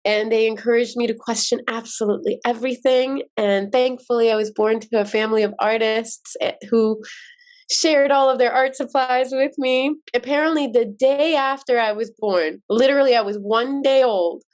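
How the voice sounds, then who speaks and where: A woman in her forties from Iran, a podcast guest telling her childhood stories slowly and vividly. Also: fairly high pitch, steady tone. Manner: slow, vivid storytelling. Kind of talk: storytelling interview.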